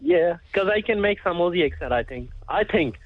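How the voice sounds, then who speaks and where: A man's voice: sits high, animated, a little fast, no room sound. A male radio caller talking in a hesitant, stumbling way over the phone. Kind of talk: phone-in chat, fake accent attempt. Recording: tinny phone line.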